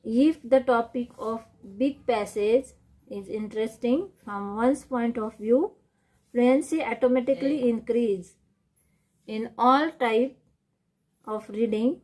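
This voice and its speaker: Slow, soft-toned woman teaching. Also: a little high. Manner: slow, repetitive, defining terms one by one. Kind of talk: classroom lecture on reading techniques.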